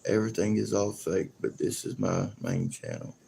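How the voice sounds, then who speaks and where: A man's voice: sits low, huge pitch swings, normal speed, gravelly, mellow, slight background noise. A man chatting casually and joking on a live stream, rambling and chuckling often.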